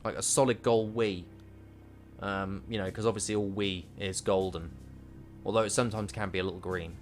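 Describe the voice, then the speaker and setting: A man's voice: low voice, fairly even intonation, moderate pace. A man casually commentating his gameplay and chatting to his units, with game music behind. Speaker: streamer.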